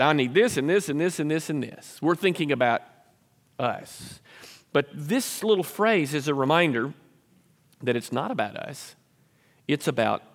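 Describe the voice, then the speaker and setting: A pastor preaching an earnest sermon, sometimes acting out selfish prayers in a raised voice. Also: male voice, fairly high pitch, long reverb tail.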